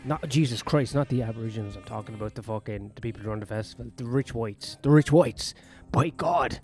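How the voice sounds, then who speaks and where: A man's voice: lowish voice, steady tone, quick pace, a little mellow, soft background music. A man ranting in a sweary, sardonic, rambling monologue as a comedian vlogging on his own.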